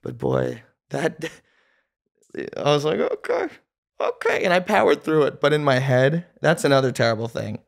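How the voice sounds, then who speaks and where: A male comedian telling stories as a guest on a casual podcast, with an animated, storytelling manner. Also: on the high side, moderate pace, creaky.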